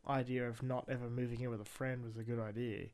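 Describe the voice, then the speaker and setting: A young man in relaxed podcast conversation, his voice in an everyday middle range. He rambles, hesitates with fillers and trails through his thoughts. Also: medium pitch, fast. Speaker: podcast co-host. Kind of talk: casual chat.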